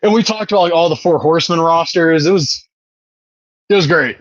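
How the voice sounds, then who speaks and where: A man's voice: fairly high pitch, brisk, dry recording, dull audio. A man in his thirties co-hosting a podcast, chatting casually, rambling and swearing, often laughing. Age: 30s. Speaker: podcast co-host. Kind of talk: casual chat.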